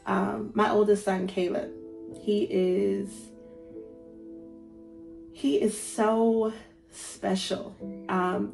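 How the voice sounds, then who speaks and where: A woman's voice: medium pitch, vocal fry, a little mellow. A woman in her thirties hosting a faith podcast, talking earnestly and encouragingly and repeating phrases for emphasis. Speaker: podcast host.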